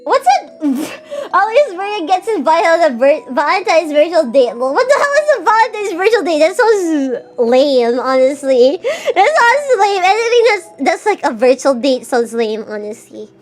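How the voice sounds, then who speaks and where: A woman's voice: very high-pitched, sing-song, moderate pace, few pauses. A young woman streaming live, casually chatting with viewers in a playful, teasing way and often stammering over her words. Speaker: VTuber streamer. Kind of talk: casual live-stream chat reading super chats.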